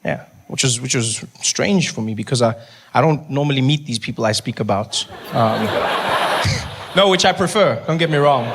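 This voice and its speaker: A man's voice: medium pitch, expressive, normal speed, fairly bright tone, a little hiss or hum. A man telling a self-mocking story on stage as a stand-up comedian, acting out his own panic.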